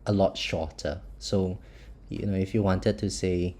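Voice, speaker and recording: A young man from Singapore with a mild Singaporean English accent, chatting loosely with viewers on a live stream, restarting words and laughing softly. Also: low voice, fairly even intonation, unhurried, faint music behind. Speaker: live-streamer of a mobile tower-defense game. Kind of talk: casual live-stream chat, answering viewers.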